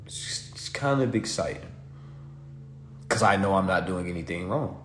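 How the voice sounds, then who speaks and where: A man hosting a live stream, ranting in a casual comedic way, profane and animated, and laughing often. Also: low voice, normal speed, roomy sound, a little hiss or hum.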